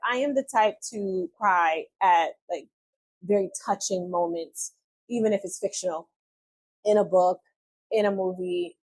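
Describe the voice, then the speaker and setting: Woman vlogger, 30s, mid-pitched, chatty personal storytelling, loose and candid. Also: breathy edge. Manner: candid and chatty, with frequent fillers and soft laughs.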